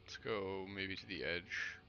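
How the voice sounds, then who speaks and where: A man giving casual gameplay commentary, relaxed and muttering to himself while he plays. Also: sits low, a little slow, lo-fi sound, soft background music. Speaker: gaming streamer.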